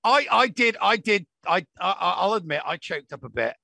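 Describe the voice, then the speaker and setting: A man chats as a podcast co-host in a gravelly, bright voice. His pitch swings widely as he stumbles through false starts and repeats words. The sound is dry and close. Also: lively intonation, moderate pace, no echo. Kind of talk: casual chat.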